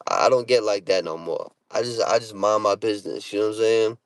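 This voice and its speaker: Man, Boston accent, low voice, dry close sound, profane, slangy, casual storytelling. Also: fairly quick, hardly any pauses, no echo. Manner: blunt, heavy swearing, street slang. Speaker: rapper answering comments.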